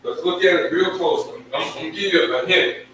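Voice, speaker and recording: A man's voice: high voice, brisk, bright, forceful tone. A man giving a scripture lesson, emphatic, repeating himself and stretching out each syllable. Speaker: religious teacher. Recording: very echoey room, from far off, faint noise.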